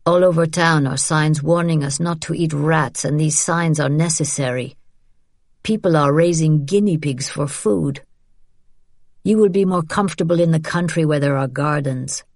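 Woman reading as a bitter, ashamed father, low voice, flat and curt, storybook, dry sound. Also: normal speed, dry recording. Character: weary middle-aged father, bitter and ashamed, drinking.

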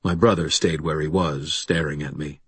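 Brief: a male narrator reading first-person fiction, very low, husky, dry studio sound. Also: fairly even intonation, normal speed, no echo. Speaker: audiobook narrator.

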